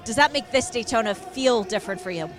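A woman reports live from the pit lane with an upbeat, animated delivery. Her voice sits fairly high as she interviews a driver. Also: brisk, a crowd in the background. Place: outdoors on a racing grid.

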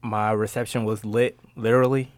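A man's voice: on the low side, flat delivery, normal speed, no echo. A man in casual podcast chat, easygoing and self-deprecating as he tells a story.

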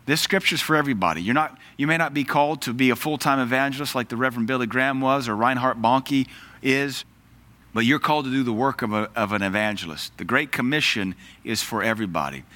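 A man's voice: medium pitch, quick pace, bright, forceful tone. A man preaching a sermon in an earnest, emphatic way, quoting scripture.

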